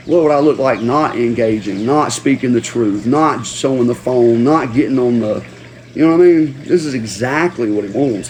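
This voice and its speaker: A livestream host in full rant mode, cursing freely and hammering the same phrases again and again. His voice sits at an ordinary middle pitch for a man, and a faint hiss of noise runs under it. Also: a little mellow. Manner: profane, slangy, repeats himself for emphasis.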